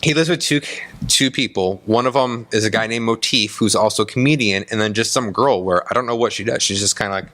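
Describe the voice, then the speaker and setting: A man co-hosting a casual podcast, telling stories in a rambling, animated way from a small room. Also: lowish voice, quick pace, hardly any pauses. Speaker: podcast co-host. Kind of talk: casual chat.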